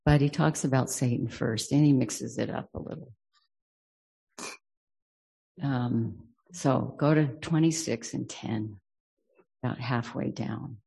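A man leads an unhurried, reflective scripture lesson. His delivery is slow and measured, with a gravelly, husky edge. The tone is mellow and dark as he reads verses aloud and then considers them thoughtfully. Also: medium pitch. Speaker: scripture teacher.

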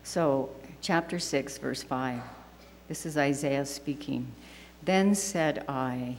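A woman with a low voice leads a scripture lesson, reading verses aloud earnestly and reverently. She speaks slowly and deliberately. Her voice rings with a long hall reverb over a faint hum. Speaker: class teacher.

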